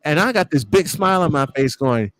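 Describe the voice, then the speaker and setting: A man on a podcast panel swaps family stories in relaxed conversation, performing the quotes with animation. He speaks briskly in a voice on the high side, and there's no echo.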